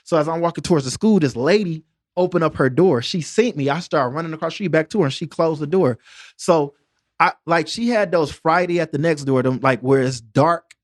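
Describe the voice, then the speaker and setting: A man's voice: on the high side, fairly quick, dry recording, studio quality. A man from Detroit, a door-to-door salesman and podcast guest, telling stories in a jokey, streetwise way with constant "you know what I mean" asides. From Detroit, USA. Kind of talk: animated storytelling in casual conversation. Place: podcast studio.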